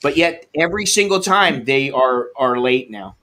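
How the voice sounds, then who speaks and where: A man's voice: medium pitch, lively intonation, moderate pace, sharp tone. A man hosting a livestream, telling a frustrating delivery story and reading comments, swearing and acting out both sides of the calls. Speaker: livestream host.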